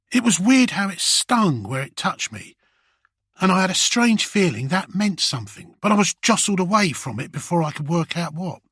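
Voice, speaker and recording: A man reading first-person audiobook narration in a rough, slangy voice as a nervous little goblin. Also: a little high, a bit bright, no room sound, studio quality.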